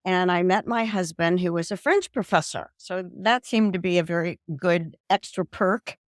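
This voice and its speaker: A woman's voice: fairly low pitch, moderate pace, dry recording, studio quality. An older woman from the American South, telling her story as an interview guest over a video call. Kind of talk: casual interview talk.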